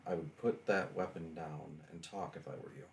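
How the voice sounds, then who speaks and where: A man voicing a calm telepathic adventurer who gives a measured warning. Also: low-pitched, gravelly, a little hiss or hum, pitched below the performer's own voice.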